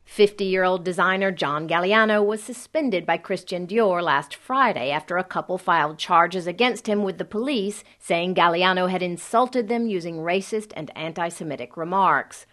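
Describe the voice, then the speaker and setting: A woman correspondent files a scripted radio news report, her voice sitting a little low. She keeps the delivery measured and even, reading each line cleanly and without hurry. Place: on assignment abroad.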